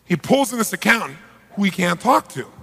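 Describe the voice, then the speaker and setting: A man giving an energetic live seminar talk, often putting questions to the audience. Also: high voice, brisk, creaky, slightly rough. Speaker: motivational seminar speaker. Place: large seminar hall. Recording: live hall reverb.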